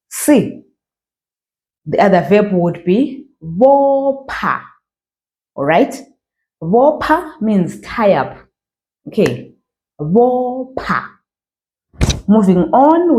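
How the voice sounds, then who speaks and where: A woman's voice: medium pitch, mellow. A woman from Zimbabwe teaching a beginner reading class, patiently drawing out each model word and checking in with okay and all right. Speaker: language teacher. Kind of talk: slow pronunciation lesson.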